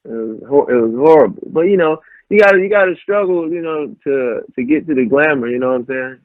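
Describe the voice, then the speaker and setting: A young adult male wrestler talks a little fast in a fairly high voice, dry and without reverb. In this relaxed storytelling interview he's lively, acting out lines others said, and the audio comes through thin like a phone.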